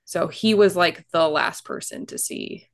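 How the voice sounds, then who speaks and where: A woman's voice: lowish voice, animated, unhurried, vocal fry. A woman co-hosting a casual podcast, chatty, recounting history with fillers and asides. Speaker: podcast co-host telling a shipwreck story.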